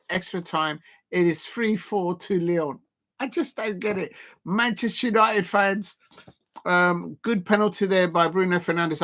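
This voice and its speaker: A man's voice: high voice, a bit bright. A man streaming a live football reaction, chatty and laughing, calling out his viewers. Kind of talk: live match reaction commentary.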